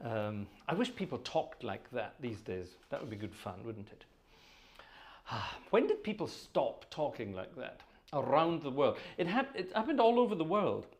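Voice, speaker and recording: A man's voice: medium pitch, sing-song, moderate pace. A man hosting a live organ concert stream from home, chatting casually and jokily between pieces with plenty of ums. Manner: chatty, joking, rambling with many ums. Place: home with organ, family nearby.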